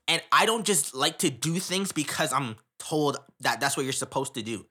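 A man's voice: a little high, lively intonation, moderate pace, sharp tone, breathy edge. A young man from Canada, telling a story in casual chat, rambling with slang and frequent laughter.

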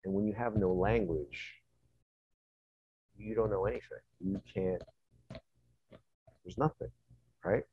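A man telling a story in conversation, profane and animated, acting out scenes as he goes. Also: lowish voice, takes it slowly, long pauses, dull audio, a little hiss or hum.

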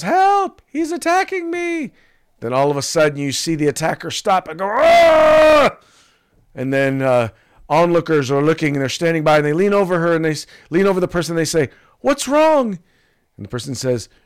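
A man's voice: medium pitch, clean tone. A man co-hosting a casual political podcast, reading out sponsor spots and describing memes with acted-out quotes. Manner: animated, acts out quoted voices. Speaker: podcast co-host.

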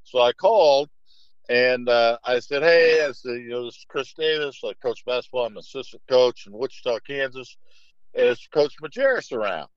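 A man's voice: mid-range voice, normal speed, clean tone, no room sound. A middle-aged man, a basketball coach, telling anecdotes in a casual interview, rambling with many fillers and restarts. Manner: rambling, lots of "you know" and restarts; lively when quoting others in anecdotes. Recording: dull lo-fi dry sound.

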